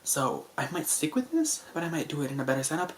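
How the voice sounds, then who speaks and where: A young man in a casual, rambling vlog monologue, speaking softly late at night and filling his talk with "like.". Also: on the high side, sing-song, fast, a little hiss or hum. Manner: chatty, filler-heavy with frequent "like". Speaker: vlogger. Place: indoors at home at night under a lamp.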